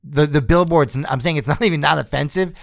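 A man's voice: fairly high pitch, brisk, vocal fry, dry recording, studio quality. A man co-hosting a podcast, ranting in a casual, sarcastic and profane way. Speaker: podcast co-host. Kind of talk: casual chat.

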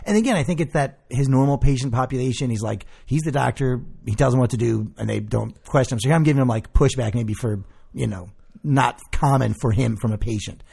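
A young man telling a long story in casual chat, animated and swearing, acting out the people he quotes. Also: mid-range voice, brisk, gravelly, slightly rough.

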